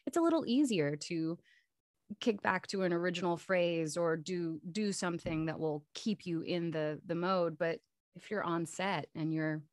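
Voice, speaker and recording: A woman voice actress chatting as an interview guest, lively and full of restarts and fillers. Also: fairly low pitch, moderate pace, no room sound, studio quality. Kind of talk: casual interview chat.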